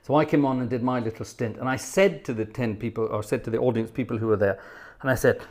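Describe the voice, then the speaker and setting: A middle-aged British man at a medium pitch, hosting a casual live stream. He reads out viewer questions and answers them in a wry, joking way, with plenty of chatty asides. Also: quick pace. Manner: chatty and wry, reads comments aloud then jokes back. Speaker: livestream host and organist.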